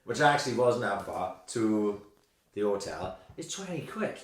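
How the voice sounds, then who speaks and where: A Welsh man telling a sweary, lively anecdote on a casual podcast. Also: fairly low pitch, unhurried, over a noisy crowd. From Wales. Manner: animated, sweary anecdotes with quoted voices. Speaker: podcast co-host. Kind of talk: casual storytelling chat. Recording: roomy, echoey room.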